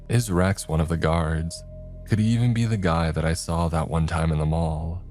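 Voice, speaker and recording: Man, very low voice, first-person horror narration, tense and measured, soft music underneath. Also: steady tone.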